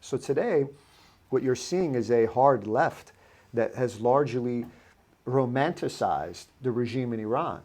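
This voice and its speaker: A man hosting an interview in a casual way, with halting starts and fillers like "you know". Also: mid-range voice, expressive, a little mellow. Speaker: host.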